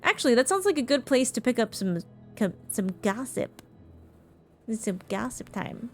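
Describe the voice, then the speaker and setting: A woman's voice: a little high, very animated, moderate pace, faint music behind. A woman streamer chatting casually as she plays, reacting to the game and thanking her chat. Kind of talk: casual live-stream commentary.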